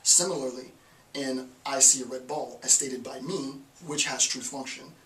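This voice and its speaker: A man's voice: medium pitch, steady tone, normal speed, fairly bright tone. A man lecturing on philosophy in a conversational style, repeating phrases for emphasis. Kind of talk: informal recorded lecture. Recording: echoey room, mic at a distance, faint hiss.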